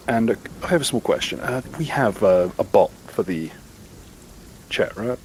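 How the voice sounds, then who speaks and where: Low-voiced man running a tabletop game. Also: animated, normal speed, darkish tone, slight background noise, rough recording. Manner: vivid, descriptive narration. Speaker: game master.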